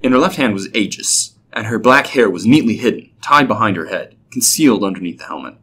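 A man narrating a scripted story in a steady, even way. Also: lowish voice, a little fast, breathy edge.

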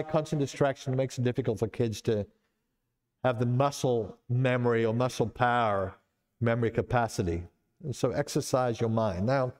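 A man, a college counseling professor, giving a conversational seminar talk, telling stories with lively pitch swings and casual asides. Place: church seminar.

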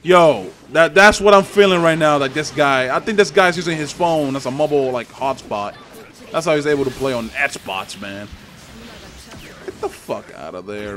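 A man's voice: on the high side, animated, a little slow, fairly bright tone, faint music behind. A young man giving profane, trash-talking commentary over online gameplay at home. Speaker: gaming channel host. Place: home apartment with neighbors upstairs.

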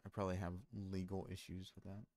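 A man's voice: low-pitched, little pitch movement, fast talker, a little mellow, no room sound, clean studio sound. A man streaming, chatting casually with his viewers in a rambling way full of fillers and restarts. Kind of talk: casual stream chat, reading chat aloud.

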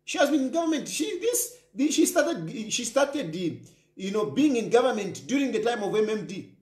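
Zambian male host, high animated delivery, emphatic repeater, echoey room. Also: normal speed. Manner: emphatic, repeats phrases, mixes in local language. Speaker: political talk show host. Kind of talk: animated political commentary.

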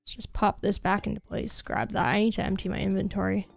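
A young woman with a Canadian accent, a streamer, rambles through casual live-stream chat while she plays, using lots of fillers. She speaks fast in a mid-range, creaky voice with little pitch movement. There's no echo, just faint music behind her.

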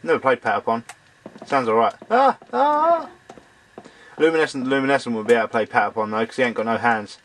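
A man doing let's-play commentary, excitable, swearing at the game and talking to its characters, and a bit hoarse as he loses his voice. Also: medium pitch, rapid-fire, slight background noise. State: losing his voice. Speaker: let's player. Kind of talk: gameplay commentary.

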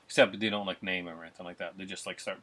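Husky, blunt man reviewing films. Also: sits low, fairly even intonation, very fast, bright, forceful tone. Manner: blunt, opinionated, laughs often. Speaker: podcast co-host. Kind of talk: casual film review chat.

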